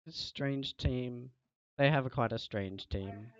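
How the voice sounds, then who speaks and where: A man's voice: medium pitch, takes it slowly, no room sound, muffled recording. A young man streaming a game, lecturing and scolding a teammate in casual chat.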